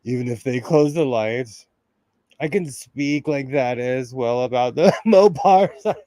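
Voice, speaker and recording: A man with a mid-range, dark-toned voice speaks slowly while hosting a casual sewing livestream. He chats as he works, reads comments aloud, and laughs often.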